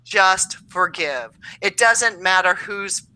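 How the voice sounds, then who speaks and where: A woman's voice: mid-range voice, takes it slowly, bright, forceful tone, dry recording, poor audio. A woman co-hosting a casual astrology show, reading tarot cards in a chatty, upbeat way with lots of fillers. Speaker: tarot reader co-host.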